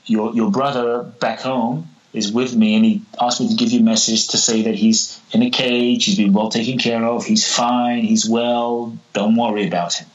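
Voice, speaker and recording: A man telling a parable in a podcast interview, animated and repeating words as he acts out the characters. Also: medium pitch, normal speed, few pauses, muffled recording. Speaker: guest, spiritual teacher.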